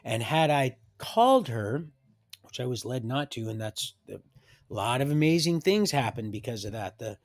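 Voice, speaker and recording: Male streamer, mid-pitched, halting and rambling, reads documents aloud with dry asides. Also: sing-song. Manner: halting, many restarts and trailing sentences. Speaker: livestream host. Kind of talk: rambling personal storytelling.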